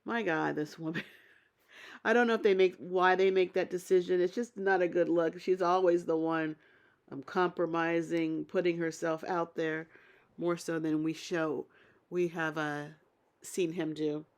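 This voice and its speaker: A woman's voice: on the low side, flat delivery, unhurried. A woman giving a casual, opinionated spoken recap of a reality TV episode, thinking aloud as she goes. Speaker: TV show recap reviewer.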